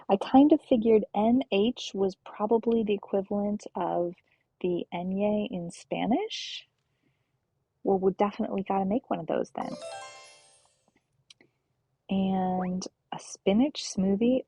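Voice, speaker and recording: Streamer, woman: husky, gravelly, unhurried half-whispered game chat, faint music under it. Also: medium pitch, dry recording. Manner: slow, soft-spoken, often half-whispered. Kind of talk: relaxed gameplay commentary.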